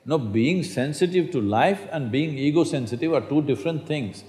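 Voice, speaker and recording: A man's voice: fairly high pitch, animated, moderate pace, darkish tone. A man speaking as a spiritual teacher to a live audience in a large hall, emphatic and often asking the audience questions. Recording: echoey hall.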